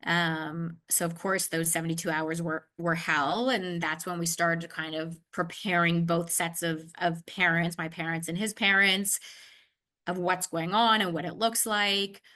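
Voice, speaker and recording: A woman in an interview telling a personal story in a casual, animated way, acting out the conversations and often saying "like". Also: on the low side, a little slow. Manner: animated, acts out dialogue, frequent "like".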